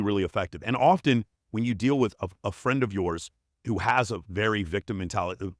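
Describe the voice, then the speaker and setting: Blunt, profane man with a low voice. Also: no room sound, studio quality. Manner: blunt, profane, emphatic storytelling. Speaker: performance coach, podcast guest. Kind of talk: casual interview chat.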